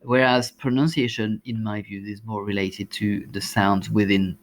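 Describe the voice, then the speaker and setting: Low-voiced man with a French accent. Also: little pitch movement. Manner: explanatory, pauses often with ums and uhs. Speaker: language teacher. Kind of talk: exam tips presentation.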